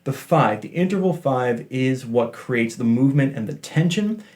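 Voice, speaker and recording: A man's voice: medium pitch, expressive, moderate pace, darkish tone. A man giving a casual, chatty guitar lesson, joking about himself and apologizing for talking so much. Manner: chatty, self-deprecating, apologizes for talking a lot. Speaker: guitar teacher.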